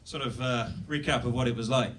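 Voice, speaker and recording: A man's voice: medium pitch, brisk, a bit bright, recorded from a distance. A British man doing a self-deprecating stand-up set on a comedy club stage, rambling with fillers and restarts. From Britain.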